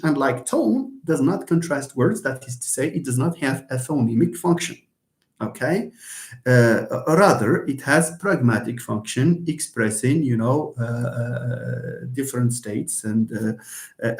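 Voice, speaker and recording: A man's voice: mid-range voice, lively intonation. A man gives a live linguistics lecture, his speech full of fillers and restarts. His voice sits in the middle range, and he draws out example words to show their sounds. The recording rings with room echo. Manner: hesitant, many fillers and repeated words; explains slowly, stretching example words. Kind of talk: live online lecture answering comments. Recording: roomy echo.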